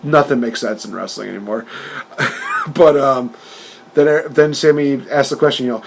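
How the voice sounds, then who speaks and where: A man's voice: mid-range voice, moderate pace, vocal fry, husky. A man co-hosting a podcast in casual chat, retelling events animatedly and often laughing. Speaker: podcast co-host.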